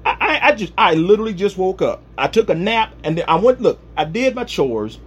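A preacher doing a flustered, high-voiced prophet. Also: male voice, big pitch swings, a little fast, slightly rough, full character voice. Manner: flustered, protesting, comic. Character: bewildered young prophet Daniel, protesting innocence.

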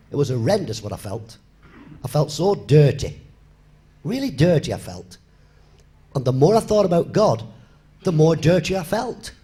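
A man's voice: a little high, mellow. A man in his fifties, a comedian telling his life story to a live audience and acting out both sides of the conversations. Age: 50s. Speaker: comedian giving a testimony on stage. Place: live venue before an audience.

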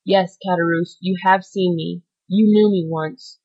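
A woman reading an audiobook, voicing a calm, solemn avenging nobleman who speaks in a measured, grave way. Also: fairly low pitch. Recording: dull lo-fi recording.

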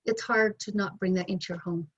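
A middle-aged woman telling her story as an interview guest, candid and animated, acting out both sides of past conversations. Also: medium pitch, brisk. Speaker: interview guest, bereaved mother. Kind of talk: emotional personal storytelling. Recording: dull lo-fi sound.

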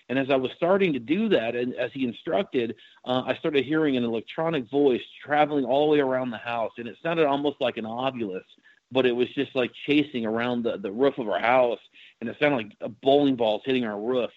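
A man's voice: mid-range voice, fairly quick, no room sound. Man, paranormal investigator, casual storytelling, fillers and restarts, dry muffled recording. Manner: rambling, many fillers and restarts.

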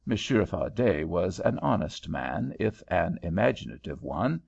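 A man narrates a novel in measured storytelling fashion. His low voice is heavily gravelly and moves lively through its pitch, captured in a dull, lo-fi recording. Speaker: audiobook reader. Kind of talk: reading a novel aloud.

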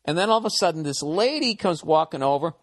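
A man's voice: on the high side, animated, fast, in a large hall. A man hosting a solo podcast, telling stories in a profane, self-mocking ramble. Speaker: podcast host.

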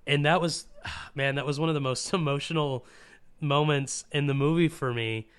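A man talking excitedly and emotionally about a film in casual chat, with lots of fillers and restarts. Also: fairly high pitch, normal speed, clean tone.

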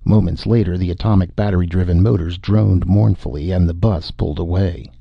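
Deep gravelly male narrator. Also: fairly even intonation, fairly quick, no room sound. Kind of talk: audiobook narration. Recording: dull, dry recording.

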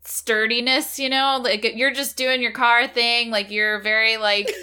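Bright-voiced woman rambling through her character's thoughts, lots of "like". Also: a little high, little pitch movement, unhurried, clear, resonant tone. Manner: rambling, filler-heavy, laughing, swearing. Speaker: player. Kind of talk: casual chat, tabletop role-play.

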